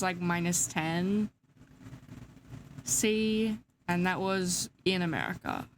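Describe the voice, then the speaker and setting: Slow sleepy young woman streamer. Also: fairly low pitch, expressive, a little hiss or hum. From Australia. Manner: slow, chatty, giggly, sleepy and yawning. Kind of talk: casual live-stream chat.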